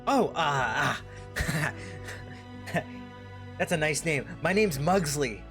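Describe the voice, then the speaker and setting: A man voicing an eager, friendly young male dog-boy guard who talks excitably and trips over his words. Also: fairly high pitch, takes it slowly, music in the background, voice pushed up. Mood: flustered.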